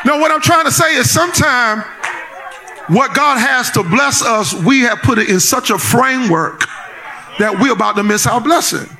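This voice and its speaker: Preacher guy, high bright voice, aave, joking around then hollering, faint music under it. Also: normal speed. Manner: playful storytelling, builds to shouted preaching. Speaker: pastor. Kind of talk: sermon.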